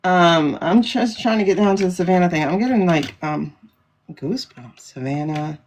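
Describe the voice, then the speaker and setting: A woman's voice: lowish voice, moderate pace, darkish tone, slight background noise. A woman hosting a casual livestream, talking in a chatty, rambling way with frequent laughter. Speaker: livestream host.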